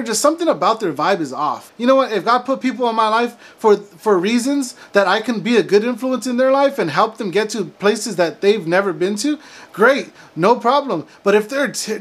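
Casting: man with a very high voice, preacher-like faith vlogger, emphatic. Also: fairly bright tone. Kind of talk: preachy motivational monologue.

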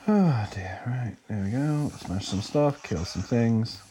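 A man's voice: medium pitch, lively intonation, takes it slowly, warm tone, a little hiss or hum. A man giving casual, profane commentary while playing a game, muttering asides and repeating curses at enemies. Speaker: gamer playing through a retro game. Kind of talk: casual let's-play commentary.

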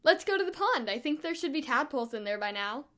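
A woman's voice: high-pitched, very animated, quick pace, a bit bright, pitched above the performer's own voice. A woman reading the lines of a young boy who sounds blunt and a little cross as he asks questions. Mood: questioning.

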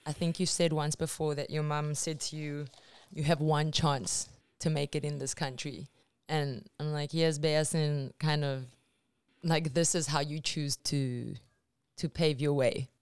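A woman with a low, smooth and clear voice interviews her guest attentively and supportively. Her sound is dry and close. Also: fairly even intonation, measured pace, darkish tone, no echo. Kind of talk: casual interview chat.

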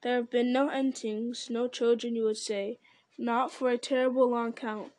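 A woman voicing an ancient, slow and grave male tree-giant in a storybook reading, speaking in a solemn, deliberate way. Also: on the high side, level tone, darkish tone, dry recording, natural voice.

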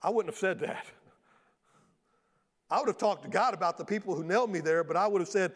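A man preaches from a church stage with a high voice. He tells the story in a lively way and often slips into the voices of the people he quotes. His voice carries a long reverb from the large hall. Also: a little fast, long pauses, breathy edge. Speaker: pastor. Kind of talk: sermon.

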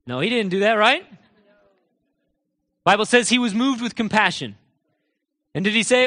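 A man with a notably high voice preaches a sermon, firing off rhetorical questions and pressing each point hard. Now and then he sinks to a low, quiet aside. His voice rings through the long echo of a large church hall. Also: animated, moderate pace, pauses often.

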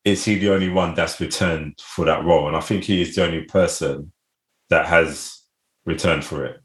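A man's voice: extremely low pitch, fairly even intonation, moderate pace, fairly bright tone. A man in a casual chat, talking in an easygoing, thoughtful way. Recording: roomy echo.

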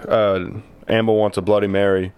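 Low-pitched man, podcast co-host, lively storyteller who slips into voices of his relatives. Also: moderate pace, clear, resonant tone, dry recording. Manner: animated storyteller who acts out family members' voices. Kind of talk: casual storytelling chat.

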